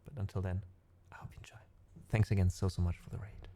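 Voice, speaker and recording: A middle-aged man with a German accent whispers in a deep, warm voice at a quick pace, with little pitch movement. He's a musician casually chatting with his stream viewers and live chat, rambling with plenty of fillers.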